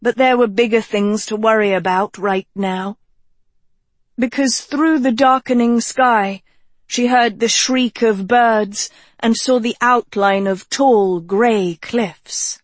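Slow, measured woman narrating a story. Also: a little high, no room sound. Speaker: audiobook narrator. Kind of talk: scripted narration.

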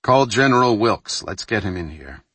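A man voicing a calm male Navy captain who keeps his voice dead level, in an audiobook reading. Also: on the low side, normal speed, slightly rough, dry recording, recorded from a distance. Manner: steady, dead level delivery.

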